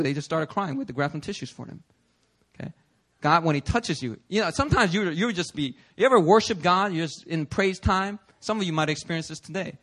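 A man with a fairly high voice preaches in an easygoing, conversational way. He is animated, keeps checking in with his congregation with little "okay?"s and "right?"s, and slips into other people's voices when he quotes them. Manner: acts out listeners' voices in quotes. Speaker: pastor. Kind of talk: conversational sermon. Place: church sanctuary.

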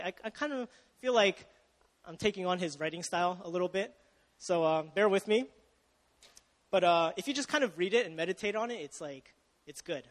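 A man's voice: sits high, a bit bright, big-room sound. A young man preaching a sermon in a casual, chatty way, often asking the audience questions and restarting his sentences.

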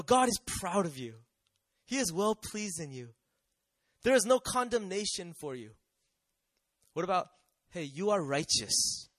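High, bright-voiced male preacher. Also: dry recording. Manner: animated preaching, rising to emphatic declarations and dropping to quiet asides. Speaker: pastor. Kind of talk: sermon.

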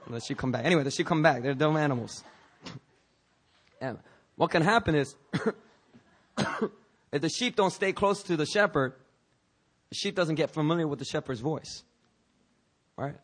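A man's voice: fairly high pitch, normal speed, pauses often. A man preaching a sermon in a loose, conversational way, joking with asides, restarting phrases and coughing now and then. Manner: jokey and informal, frequent restarts and asides. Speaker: pastor.

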